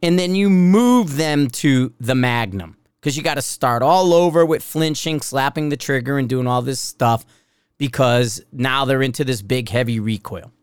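Blunt, profane man, smooth voice. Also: mid-range voice, normal speed, no room sound. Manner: blunt, profane, rambling with restarts. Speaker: shooting instructor and podcast host. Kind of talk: casual rambling podcast monologue.

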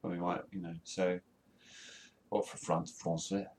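A man's voice: deep voice, monotone, a little slow, darkish tone. A British man co-hosting a podcast, chatting casually in a rambling, self-mocking way with lots of restarts and laughter. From Britain. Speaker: podcast co-host. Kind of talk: casual banter.

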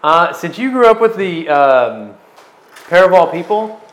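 Brief: young male game master, fairly high voice, halting with many fillers. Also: sing-song, a bit bright, reverberant, poor audio. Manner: hesitant, filler-heavy narration. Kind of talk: narrating a tabletop game.

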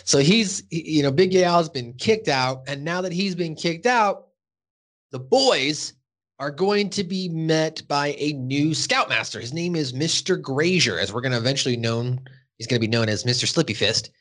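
A man's voice: fairly high pitch, normal speed, a bit bright. A man hosting a podcast and recapping an episode in casual, rambling chat with lots of fillers and the odd swear.

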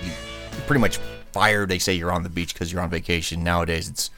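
A man's voice: low-pitched, steady tone, fast talker, bright, forceful tone, faint music behind. A man hosting a podcast in a casual chat, telling rambling stories with lots of fillers and sometimes mimicking other voices. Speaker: podcast host, former radio worker.

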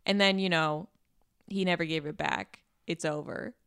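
A young adult woman hosting a podcast, chatting casually and telling animated stories with quoted voices. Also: lowish voice, normal speed, smooth, no echo, studio quality. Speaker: podcast host. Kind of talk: casual chat.

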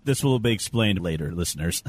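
Low-voiced man teasing his co-host. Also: animated, fairly quick. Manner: teasing, laughs often. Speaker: podcast co-host. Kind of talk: casual podcast chat.

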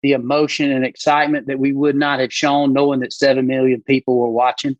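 Animated, storytelling man on a podcast. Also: mid-range voice, fairly quick, no echo, lo-fi sound. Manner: animated storyteller who acts out quoted voices. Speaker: podcast guest, bowhunter. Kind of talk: casual podcast conversation.

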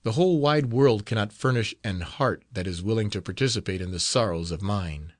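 A man's voice: on the low side, a little fast, dry recording, studio quality, natural voice. A man voicing a young male novice in an audiobook, pleading in an emotional, faltering way. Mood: sorrowful. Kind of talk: audiobook character reading.

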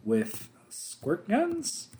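A man chatting through a movie commentary, jokey and quick to laugh. His pitch swings widely as he talks. He keeps dropping into impressions. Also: slight background noise. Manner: animated, jokey, laughs often and slips into impressions. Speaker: podcast co-host. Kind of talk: casual movie commentary chat.

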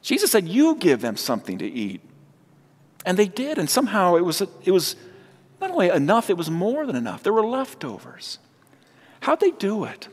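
Guy giving a sermon, kinda high voice, big echoey hall, acts out the voices in his stories. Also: very animated, normal speed, breathy edge. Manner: storytelling, acts out quoted voices. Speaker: pastor. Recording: long hall reverb.

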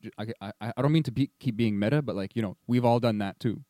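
A man's voice: medium pitch, quick pace, warm tone, dry recording, clean studio sound. A man in casual chat, rambling and reflective with a playful edge.

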